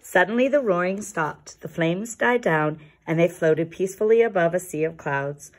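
A woman reading a children's picture book aloud in a calm, expressive storytelling manner. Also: on the low side, normal speed, slight background noise. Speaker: storybook reader.

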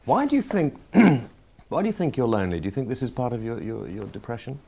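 A man's voice: mid-range voice, sing-song, fast talker, a little mellow, slightly rough. A man interviewing a guest, asking probing questions and cutting in often. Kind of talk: broadcast interview.

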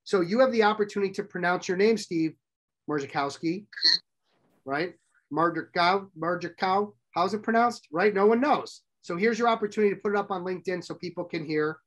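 Leading a live workshop, this middle-aged presenter has a voice that sits high. His delivery is quick and straightforward, and he frequently asks the audience questions.

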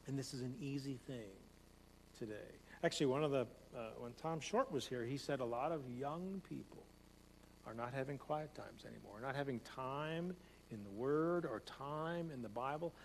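There's long hall reverb and a faint hum as a pastor preaches in a church sanctuary. His voice is medium in pitch and moderately paced, and his conversational sermon features repeated phrases and quickening storytelling.

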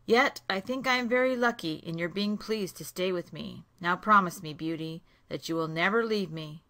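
A woman's voice: on the low side, moderate pace, pushed and bright. Humble storybook beast, read by a woman. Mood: pleading. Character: gentle lonely male beast, humble and sad.

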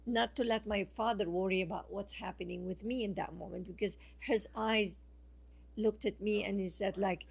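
A woman guest speaking by phone on a radio show, telling a personal story slowly and haltingly, with many fillers and restarts. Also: mid-range voice, fairly even intonation, vocal fry, husky. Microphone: phone line.

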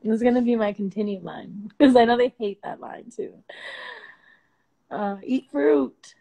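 A woman's voice: on the high side, a little slow, gravelly, warm tone, lo-fi sound. A woman in her twenties chatting casually and playfully with viewers on a phone livestream, slangy and laughing often. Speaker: livestream host. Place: home at night.

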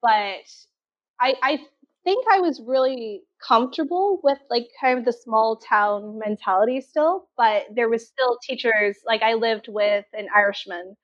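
A woman's voice: fairly high pitch, a little slow, dry recording. A woman from Canada telling her teaching story as an interview guest, candid and full of fillers. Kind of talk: casual interview. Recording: dull lo-fi sound.

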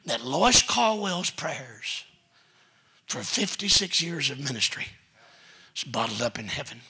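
A man's voice: mid-range voice, very animated, unhurried, sharp tone, slightly rough. A man preaching a sermon in a church, telling family stories in a folksy way and quoting relatives. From Texas. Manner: folksy storytelling preacher, quotes family members. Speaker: pastor. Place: church sanctuary.

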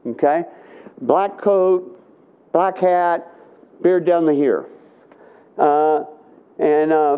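A middle-aged man giving a live conference Bible teaching, talking conversationally and often checking in with "okay?". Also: a little high. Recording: tinny phone-like sound.

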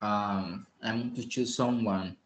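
A male English teacher who is a Spanish speaker, giving an online lesson. He repeats phrases patiently, switches between English and Spanish, and often clears his throat. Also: fairly low pitch, fairly even intonation, slow pace, a little hiss or hum. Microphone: online class call. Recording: roomy echo.

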